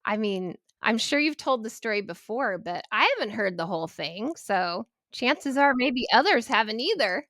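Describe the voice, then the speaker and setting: Woman host, bright tone, high voice, warm and gushing, dry close sound. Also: lively intonation, moderate pace, hardly any pauses, no room sound. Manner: warm, gushing, laughs easily. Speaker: podcast host. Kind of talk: casual interview chat.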